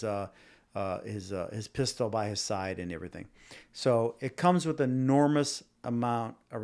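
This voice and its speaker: A man in a mid-range voice hosts a casual opinion podcast. He rambles and circles back on himself, stumbling over repeated words. He argues his point and speaks straight to the people watching live. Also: mid-range voice. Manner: talks directly to live viewers. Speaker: podcast host.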